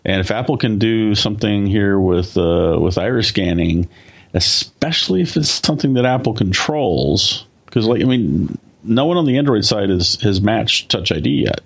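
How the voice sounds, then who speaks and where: Opinionated man with a low voice. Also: lively intonation, vocal fry. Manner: opinionated, talks in quick bursts. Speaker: podcast co-host. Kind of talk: casual tech chat.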